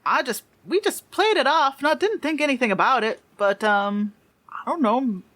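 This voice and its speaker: A woman voicing excited young alien farm kids who gush and squeal over their visitors. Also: sits high, moderate pace, dry recording, voice pushed up. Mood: earnest. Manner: squealing, wide-eyed, gushing.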